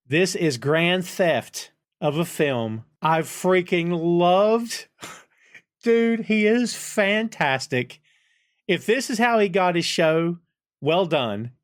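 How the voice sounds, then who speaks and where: Man, podcast host, fairly high voice, excitable, laughs a lot. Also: clean tone, no echo, clean studio sound. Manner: enthusiastic, laughs often, says "dude". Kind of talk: casual film review chat.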